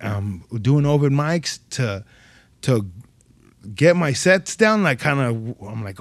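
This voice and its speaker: A comedian guest, telling stories in a slangy, profane, animated way on a podcast. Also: male voice, mid-range voice, slow pace, no room sound. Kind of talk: casual podcast chat.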